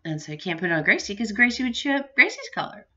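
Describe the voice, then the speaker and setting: A woman's voice: on the high side, big pitch swings, fast talker, pushed and bright. Chatty middle-aged woman, muffled home video. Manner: rambling, chatty, laughs often. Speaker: vlogger. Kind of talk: casual home vlog chat.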